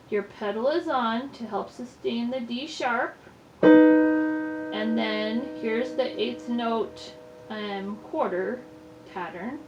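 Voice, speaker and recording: A woman's voice: on the high side, recorded from a distance. A woman giving a patient, step-by-step piano lesson, naming each finger and note in turn. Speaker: piano teacher. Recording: echoey room, mic set back, loud piano. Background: piano playing.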